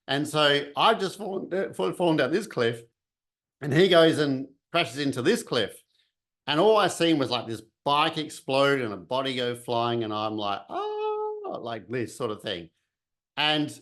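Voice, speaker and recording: A man telling a personal story casually, acting out what people said and the sounds he heard. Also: medium pitch. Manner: animated, acts out voices and sounds.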